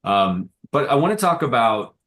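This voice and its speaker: A man's voice: mid-range voice, very animated, moderate pace, a bit bright. A man hosting a business podcast, talking casually and using plenty of filler phrases as he chats with his guest. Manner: casual, uses fillers like "you know". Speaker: podcast host. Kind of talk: conversational interview.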